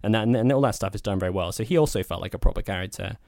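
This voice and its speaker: A man with a lowish voice chats through a film review, blunt and opinionated, piling up loose asides as he goes. The sound is close and dry, with no room around it. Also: rapid-fire, gravelly, a little mellow, no echo. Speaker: podcast co-host. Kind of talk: casual film review chat.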